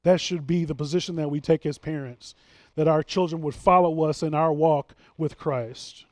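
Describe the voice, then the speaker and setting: Pastor, male, mid-high voice, dry close sound, emphatic sermon delivery with restarts. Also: steady tone, moderate pace, no echo. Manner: earnest, emphatic preaching with frequent restarts.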